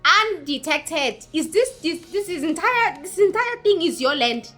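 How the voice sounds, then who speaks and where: A woman's voice: extremely high pitch, lively intonation, unhurried, fairly bright tone, soft background music. A woman recapping a movie in a chatty, mocking way, acting out characters as she goes. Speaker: YouTuber.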